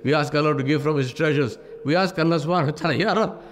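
A man giving a sermon as an imam in a mosque, telling a story with lively pitch shifts and repeated phrases. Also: very fast. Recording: long hall reverb.

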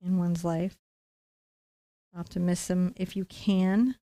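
A woman's voice: on the low side, flat delivery, slow, dark tone. A woman hosting a live acrylic painting tutorial, explaining each step in a chatty, encouraging way. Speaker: painting instructor and live-stream host.

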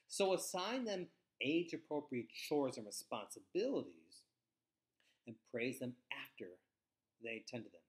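Measured, emphatic man giving a lecture. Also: medium pitch. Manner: measured, emphatic, with falling sentence endings. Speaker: foster care trainer. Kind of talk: scripted webinar lecture.

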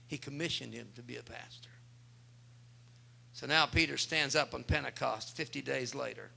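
A man's voice: medium pitch, steady tone, moderate pace, creaky, bright, forceful tone. A male pastor preaching a sermon, speaking with emphasis and turning often to address the congregation.

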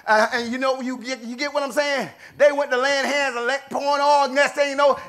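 A middle-aged man preaching a sermon, swinging between shouted declarations and low murmured asides. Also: fairly even intonation, a little fast.

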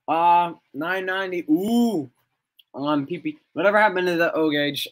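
Bright-voiced young man livestreaming. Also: on the high side, measured pace. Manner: rambling, laughs often, reacts to chat. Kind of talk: casual livestream chat.

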